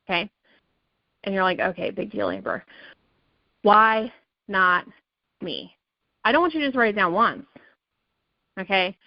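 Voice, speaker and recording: A woman's voice: medium pitch, lively intonation, a little fast, pauses often, no room sound, muffled recording. A woman leading a sales team call, giving an emphatic, repetitive motivational pep talk. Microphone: call or conference audio.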